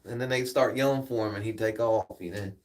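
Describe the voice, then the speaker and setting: A man's voice: on the low side, brisk, recorded from a distance. A man chatting casually to viewers on a livestream, rambling and swearing freely as he tells stories. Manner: laid-back rambling storyteller, swears freely. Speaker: livestream host.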